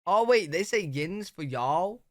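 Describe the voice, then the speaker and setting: A young British man reacting on camera in an excitable, casual way, peppering his talk with "bro". His voice sits a little high and the sound is close and dry, with no room around it. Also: unhurried, no echo. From United Kingdom. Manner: excitable, says "bro" a lot. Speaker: reaction video host.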